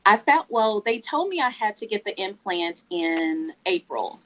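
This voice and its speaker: A woman in her forties telling her own story as a guest, earnest and halting, her voice catching with emotion. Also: medium pitch, big pitch swings, low-quality recording. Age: 40s. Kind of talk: candid personal story in a church interview.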